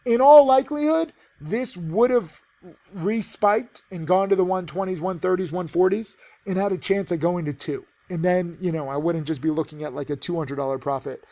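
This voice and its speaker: A man's voice: high voice, gravelly, dark tone. A man teaching penny stock trading, giving a casual, rambling trade recap with many fillers.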